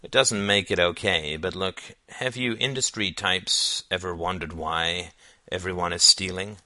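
A man's voice: low voice, measured pace, pushed and bright, no room sound, exaggerated voice. A man voicing a wry, sarcastic teenage boy in an audiobook, dry and mocking in tone. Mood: reasoning. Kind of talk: audiobook character voice.

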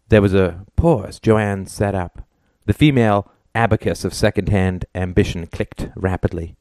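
A male audiobook narrator with a low voice, reading in a steady, matter-of-fact way. The recording is dry and close, with no room sound. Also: moderate pace, no room sound. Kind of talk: scripted narration.

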